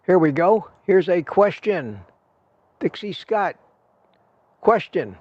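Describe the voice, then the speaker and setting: A man's voice: high-pitched, sing-song, slow pace, dry recording, dull audio. An older man hosting a casual livestream, reading the chat aloud and thanking viewers in a rambling, friendly way. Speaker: livestream host. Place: home desk at a computer.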